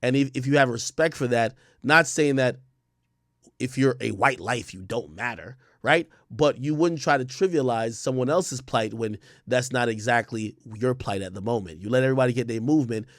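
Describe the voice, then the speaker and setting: A man's voice: mid-range voice, moderate pace, dry recording, studio quality. A man giving casual livestream commentary, emphatic and profane, often repeating words and restarting sentences. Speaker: streamer and commentator.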